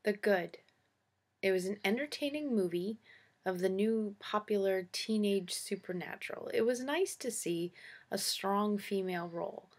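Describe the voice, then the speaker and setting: A woman's voice: medium pitch, unhurried, slightly rough. A woman hosting her own show, casually and opinionatedly reviewing movies with sarcastic asides.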